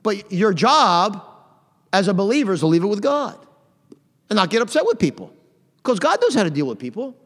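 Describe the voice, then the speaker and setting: A middle-aged man preaching a sermon in a conversational way, punching out phrases loudly and adding "amen". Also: high-pitched, big pitch swings, a little fast, pauses often. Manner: conversational preaching with sudden loud emphatic phrases and frequent "amen". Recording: long hall reverb.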